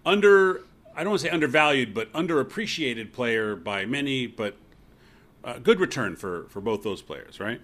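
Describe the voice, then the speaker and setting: A man co-hosting a relaxed sports talk show, his mid-range voice rising and falling freely as he jokes and gives blunt opinions. He sounds loose and conversational. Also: mid-range voice, moderate pace. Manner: animated, joking, opinionated. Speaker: podcast co-host. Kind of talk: casual sports chat.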